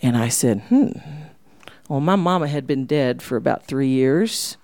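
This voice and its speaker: A woman telling a personal story at a live storytelling night, animated and dropping to whispers for effect. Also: very deep voice, measured pace, no room sound. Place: small live venue.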